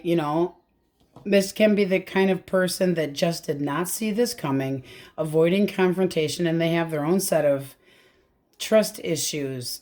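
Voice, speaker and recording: A woman's voice: sits low, darkish tone. A woman giving a casual tarot reading, chatty and blunt, swearing freely as she talks. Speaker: tarot reader.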